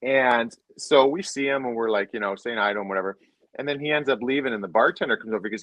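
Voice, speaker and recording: A man's voice: on the low side, quick pace, no room sound, highs cut off. A man, a former hockey player, casually telling rambling locker-room stories full of restarts and swearing. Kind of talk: casual storytelling chat.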